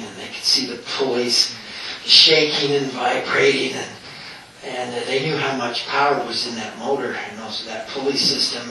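A man's voice: mid-range voice, pushed and bright, a little hiss or hum. A man giving an anecdotal talk to an audience as an author, telling stories in a chatty way with frequent chuckles and fillers. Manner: chatty storyteller, chuckles often, many fillers. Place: meeting room with an audience. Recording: echoey room from far off.

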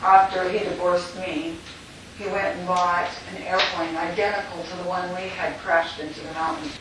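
A woman's voice: on the low side, little pitch movement, normal speed. Woman telling an emotional story in an echoey room. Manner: emotional, candid, with laughter. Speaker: speaker sharing a near-death experience. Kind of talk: personal storytelling talk. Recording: very echoey, distant mic with noise.

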